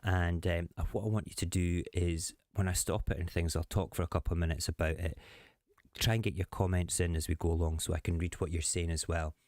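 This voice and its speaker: Deep-voiced, sarcastic host. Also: male voice, little pitch movement, brisk, darkish tone, no room sound, studio quality. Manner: chatty, rambling, sarcastic. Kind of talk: casual political commentary.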